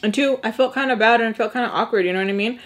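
A young woman with a fairly high, rapid-fire voice tells a long storytime while eating. She's a makeup artist, chatty, acting out what other people said and slipping into Spanish slang.

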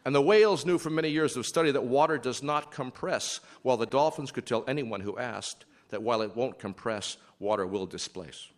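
A man's voice: medium pitch, a little fast, few pauses. A man telling a traditional animal tale aloud, with wry, humorous asides to the listener. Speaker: storyteller. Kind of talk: storytelling narration.

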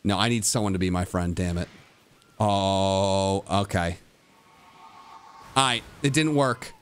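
A young man streaming a game live, talking to himself and his chat, with mock-dramatic groans and sudden high yelps. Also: measured pace, a bit bright, slight background noise. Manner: addresses his chat directly. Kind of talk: live gameplay commentary.

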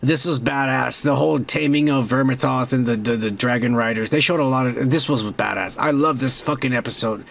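A young man hosting a podcast, rambling and swearing excitedly as he reviews a show episode. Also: mid-range voice, fairly quick, vocal fry, few pauses. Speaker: podcast host. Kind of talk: casual profane show review.

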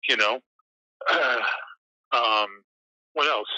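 A man being interviewed on a podcast, telling stories in an excited, blunt way and swearing casually. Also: mid-range voice, very slow, no room sound, lo-fi sound. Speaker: guest, bodybuilder and bodyguard.

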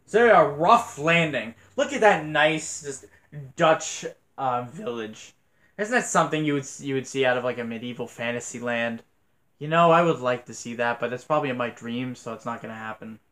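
A man's voice: mid-range voice, lively intonation, normal speed, a bit bright. Chatty man rambling over gameplay. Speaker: let's play host. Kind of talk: casual gameplay commentary. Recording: voice over game music.

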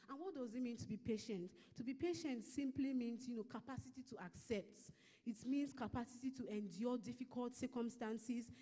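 A woman with a Nigerian English accent giving a measured Bible lesson at a church service, reading scripture slowly and explaining it. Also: a little high, dark tone, in a large hall. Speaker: church minister teaching a lesson. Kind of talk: sermon-style Bible teaching.

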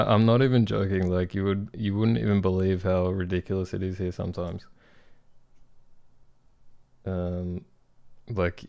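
A man's voice: low voice, gravelly, darkish tone. A young man streaming while he builds, chatting casually and ranting with jokes to his viewers. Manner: ranting, joking, talks to chat.

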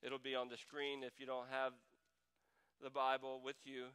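A man preaching a sermon as pastor, swinging between hushed, heavy lines and loud pleading, and reading scripture aloud. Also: medium pitch, monotone, moderate pace, smooth, poor audio. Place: church sanctuary.

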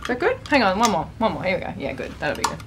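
A woman with an Australian accent giving a relaxed, casual singing lesson in a comedy sketch. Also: mid-range voice, very fast, background noise.

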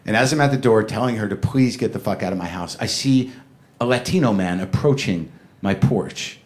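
A man's voice: lowish voice, moderate pace. A middle-aged man doing a stand-up comedy set on a club stage, telling a rambling, neurotic story and acting out the quotes.

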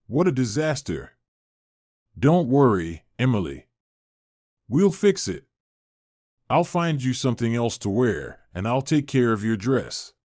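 A man reading the lines of a kindly, fussing middle-aged mother in a storybook narration, with a brisk, kindly manner. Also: medium pitch, sing-song, a little mellow, no echo, clean studio sound. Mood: bustling.

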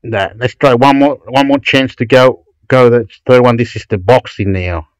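A man rambling excitedly about websites in a vlog, loud, profane and repetitive. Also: medium pitch, normal speed, no room sound, rough recording. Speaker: YouTube vlogger. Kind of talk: excited rambling screen commentary.

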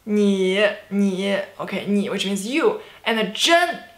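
A woman from China with a Chinese accent, teaching a cheerful online language lesson, laughing often and repeating words slowly for practice. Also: mid-range voice, big pitch swings, fairly bright tone, echoey room. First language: Mandarin Chinese.

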